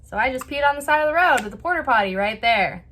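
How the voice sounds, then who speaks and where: A woman's voice: high-pitched, lively intonation, fast talker, a bit bright, slight background noise. A woman voicing her flustered, embarrassed mother in a story, speaking in anxious questions. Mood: sheepish.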